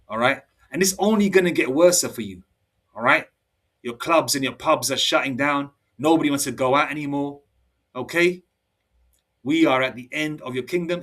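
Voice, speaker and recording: A man, giving a heated sermon-style monologue. He talks forcefully, repeats himself and keeps checking in with "all right?". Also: mid-range voice. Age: 50s. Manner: forceful, repetitive, ends phrases with "all right?". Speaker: preacher. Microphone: laptop mic. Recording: distant laptop mic.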